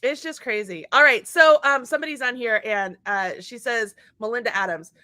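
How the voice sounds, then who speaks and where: A woman's voice: a little high, moderate pace, no room sound. A woman in her forties, host of a casual chat, telling a family story and acting out what everyone said. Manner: animated storyteller acting out quotes.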